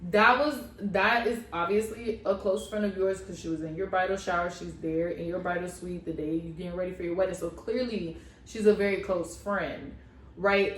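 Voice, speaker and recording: A woman co-hosting a casual reality-show recap, gossipy and animated, acting out what people said. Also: medium pitch, far from the mic, slight background noise. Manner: animated, gossipy, acts out other people's lines. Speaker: co-host of a couple's reaction channel. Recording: echoey room, voice a bit off-mic.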